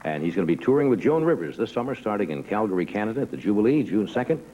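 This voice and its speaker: A man hosting a talk show, briskly introducing his next guest. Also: lowish voice. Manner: brisk, lively announcing. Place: TV studio. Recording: dull, hissy old TV broadcast.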